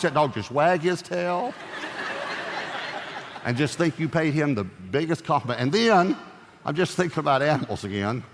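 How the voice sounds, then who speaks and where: Animated male pastor preaching in an echoey hall. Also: a little high, normal speed, noisy background. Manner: animated, joking storyteller. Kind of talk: sermon.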